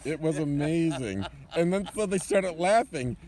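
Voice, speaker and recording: An animated man telling a funny story, his pitch leaping up and down as he laughs his way through the punchlines. His voice sits a bit high for a man. A faint hum of noise runs underneath. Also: measured pace. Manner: animated, laughs often while telling jokes. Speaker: guest storyteller. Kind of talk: casual anecdote telling.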